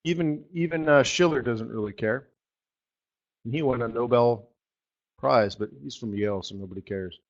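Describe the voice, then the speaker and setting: A man's voice: mid-range voice, moderate pace, muffled recording. A man hosting a live trading webinar, talking in a sarcastic, joking, rambling way. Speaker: forex market strategist hosting a live webinar.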